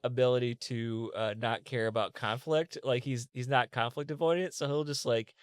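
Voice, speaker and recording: A man with an American accent pitching a comedy sketch in a casual chat, rambling and acting out characters. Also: fairly even intonation, normal speed, clear, resonant tone, dry recording, clean studio sound. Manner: rambling, acts out characters in high voices. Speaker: comedy podcast regular.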